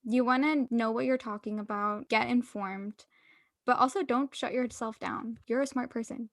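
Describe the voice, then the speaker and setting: A woman's voice: a little high, steady tone, normal speed, dry recording, clean studio sound. A young adult woman co-hosting a casual podcast chat, explaining tips in an upbeat way and laughing often. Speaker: podcast co-host.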